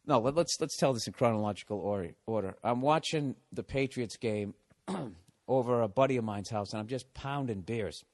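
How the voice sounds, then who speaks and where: A man's voice: mid-range voice, moderate pace, darkish tone. Male comedian, podcast host, swearing constantly, sarcastic, exasperated storytelling.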